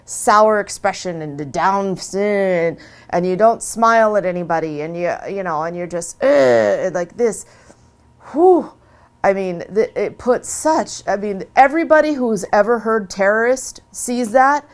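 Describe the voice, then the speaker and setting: A woman telling her own story in a casual, chatty way, animated, with many restarts and asides. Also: medium pitch. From USA. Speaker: convert sharing her story. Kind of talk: casual testimony.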